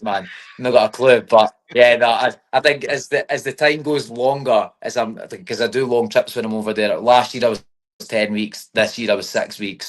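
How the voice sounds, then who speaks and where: A young man from Scotland with a Scottish accent, a fighter chatting in an interview, filling his talk with "mate". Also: medium pitch. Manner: chatty, says mate and you know what I mean often. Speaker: MMA fighter. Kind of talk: casual interview.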